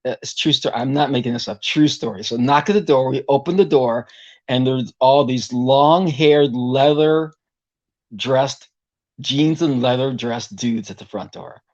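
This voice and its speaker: A man's voice: medium pitch, unhurried, a little mellow, dull audio. A man, a singer, talking as a guest in a casual interview and telling a long story that rambles and is full of "you know" fillers. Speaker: guest vocalist.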